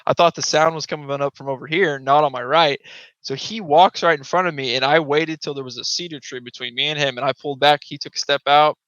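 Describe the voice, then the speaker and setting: A man's voice: a little high, quick pace, dry recording. A man, a guest on a podcast, telling a hunting story casually and acting out voices and sounds. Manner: animated, acts out voices and sounds. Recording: dull lo-fi podcast audio.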